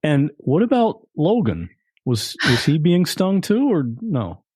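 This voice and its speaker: A man's voice: a little high, wildly swooping pitch, slow pace, a little mellow, husky, no echo, studio quality. A man hosting a podcast, asking curious follow-up questions. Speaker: podcast host. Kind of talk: interview questions.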